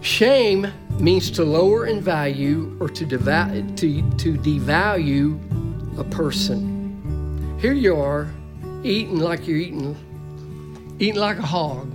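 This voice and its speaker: A man's voice: fairly high pitch, lively intonation, slow, over music. A man preaching a sermon in a church, folksy and emphatic, joking with the congregation.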